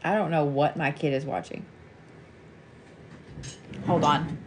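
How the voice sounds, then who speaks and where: A woman with a fairly low voice gives a spiritual reading in a loose, chatty way. She swears freely and laughs often. She comforts her listener with easy endearments. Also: steady tone, takes it slowly, a little hiss or hum. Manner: reassuring, calls listener sweetie. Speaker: reiki and wax reader. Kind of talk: live reading chat.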